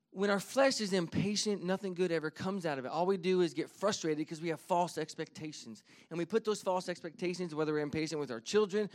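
Earnest male pastor preaching a sermon. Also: fairly high pitch. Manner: earnest, builds from quiet to emphatic; reads scripture slowly and deliberately.

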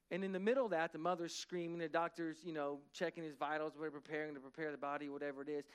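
A man preaching, retelling a dramatic story in a sermon, swinging from hushed to loud. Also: a little high, steady tone, fast talker, hardly any pauses, clear, resonant tone. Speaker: pastor.

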